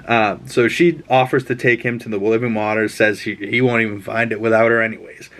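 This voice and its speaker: A young man giving a casual, rambling episode recap, swearing freely and getting openly excited as he talks. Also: lowish voice, brisk. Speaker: show recap vlogger.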